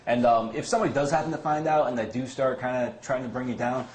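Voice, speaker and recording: A man's voice: mid-range voice, steady tone, fast talker, a little mellow. A man co-hosting a casual interview chat, asking questions with many fillers and laughing easily. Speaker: co-host. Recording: echoey room with faint background noise.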